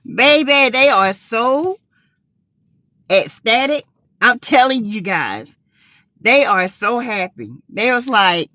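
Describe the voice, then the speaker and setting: A middle-aged woman hosting a casual livestream chat, greeting viewers by name and breaking into high excited exclamations. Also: slow, dry recording, muffled recording. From South Carolina. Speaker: livestream host.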